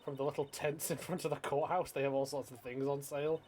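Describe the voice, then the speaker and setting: A man voicing an excitable young woman sidekick in a video game, chatty and bubbly. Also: medium pitch, fast talker, close to an everyday voice. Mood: excited.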